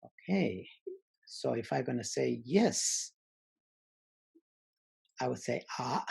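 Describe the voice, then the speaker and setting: A man teaching a language lesson online, slowly repeating example words and pausing with many fillers. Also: mid-range voice, expressive, vocal fry, husky.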